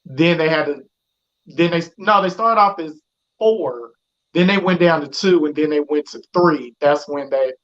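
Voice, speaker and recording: Host, casual interview, backs the guest with quick agreements, dull lo-fi sound. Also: medium pitch, a bit bright. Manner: supportive listener, frequent short agreements. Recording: dull lo-fi audio.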